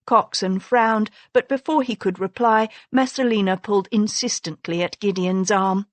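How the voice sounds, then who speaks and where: A woman narrating an audiobook novel in a measured, even storytelling manner. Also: medium pitch, no room sound. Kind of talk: scripted narration.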